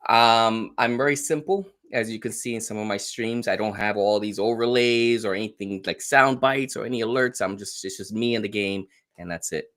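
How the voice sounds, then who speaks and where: A man's voice: fairly low pitch, normal speed, hardly any pauses, a bit bright. A middle-aged man with a thick New York accent from the Bronx, talking bluntly and plainly as a guest on a casual show. He laughs easily between his short, straightforward sentences. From the Bronx, New York City. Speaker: guest streamer. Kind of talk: casual interview chat.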